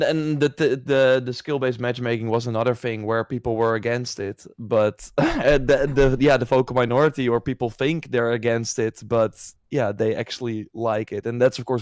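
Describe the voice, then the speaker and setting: A man's voice: medium pitch, fairly even intonation, normal speed, a little mellow, dry recording, studio quality. A man co-hosting a casual podcast, talking hesitantly and often restarting his words. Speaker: podcast co-host.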